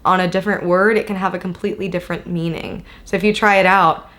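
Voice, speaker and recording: A woman co-hosting a casual relationship-advice talk, playful and quick to laugh as she gives tips. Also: on the low side, fairly even intonation, fairly bright tone. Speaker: co-host. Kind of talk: casual podcast chat.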